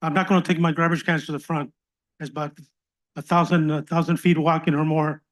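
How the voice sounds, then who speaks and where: A man's voice: a little high, level tone, fairly quick, poor audio. A man in his seventies giving a blunt public comment at a city council meeting. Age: 70s. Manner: blunt, plainspoken complaint.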